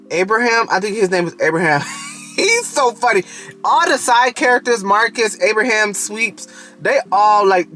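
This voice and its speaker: A man's voice: high-pitched, pushed and bright. A man casually reviewing a TV show in a video, talking straight to the characters and often breaking into giggles.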